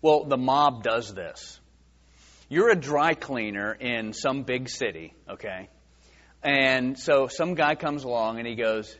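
In a large hall with long reverb and dull sound, a man works through a Bible passage verse by verse. His mid-range voice is animated and fairly bright, at a slow pace; he's conversational, uses many fillers, and acts out quoted voices.

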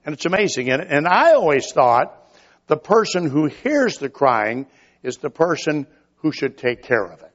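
A man's voice: a little high, sing-song, moderate pace, highs cut off. An older man preaching a sermon in a folksy storytelling manner, acting out little quoted lines along the way.

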